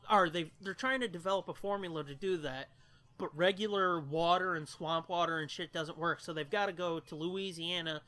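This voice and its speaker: A man's voice: fairly high pitch, sharp tone. A man co-hosting a podcast, recapping a movie plot in crude, profanity-heavy casual chat. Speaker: podcast co-host.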